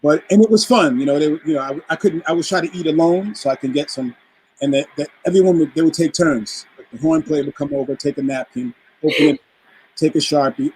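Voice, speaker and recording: This Bronx-born guest musician talks fast in a fairly high, breathy voice, telling a story during a casual interview. He acts out every quoted voice in his animated anecdote, though the audio quality is poor.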